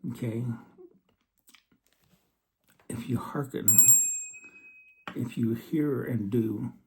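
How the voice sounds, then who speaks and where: A man giving an earnest scripture study talk, reading verses slowly and then explaining them. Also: medium pitch, vocal fry, dark tone, slight background noise. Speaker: religious teacher.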